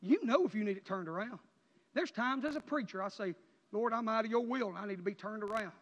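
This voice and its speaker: Impassioned preacher, high voice. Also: male voice, fast talker. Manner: impassioned, rising to near-shouts then dropping low. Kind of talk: emotional sermon testimony. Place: church sanctuary. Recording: dull sound with long church reverb.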